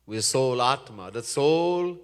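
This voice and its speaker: In an echoey Hindu temple hall, a swami tells a scripture story and chants verses with earnest sermon storytelling. His medium-pitched voice is animated and smooth, and his pace is slow.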